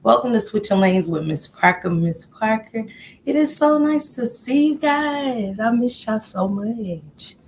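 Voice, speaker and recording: A woman's voice: a little high, expressive, unhurried, a little mellow, a little hiss or hum. A woman hosting a casual livestream, a little out of breath as she chats and greets viewers one by one with upbeat calls. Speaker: livestream host.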